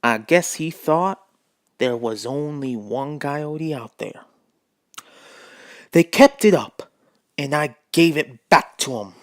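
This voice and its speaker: A man's voice: a little high, slow, pauses often, dry recording, studio quality. A man reading a children's book aloud at home, putting on a drawl for the dog narrator and breaking off to mock the text. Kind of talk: reading aloud with joking asides.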